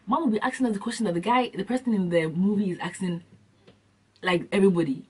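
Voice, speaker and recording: A young adult woman vlogging, telling comic stories in an animated, slangy way and acting out scenes. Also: on the low side, quick pace, slightly rough. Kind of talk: comic storytelling vlog. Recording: distant from the mic.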